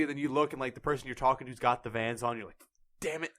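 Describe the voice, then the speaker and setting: A young man co-hosting a podcast in casual chat, animated and acting out quoted voices as he tells stories. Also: mid-range voice, rapid-fire. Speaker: podcast co-host.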